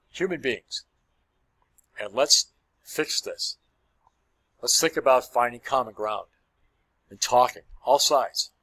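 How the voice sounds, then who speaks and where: A man's voice: mid-range voice, a bit bright, no room sound. A man vlogger delivering an impassioned monologue to camera, earnest and pleading, often repeating himself and apologizing.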